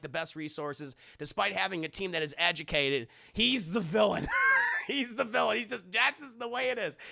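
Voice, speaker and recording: A young man recapping a movie to his stream chat in an animated, profane way, acting out the characters. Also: sits high, vocal fry. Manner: animated, profane, acts out characters in mock voices.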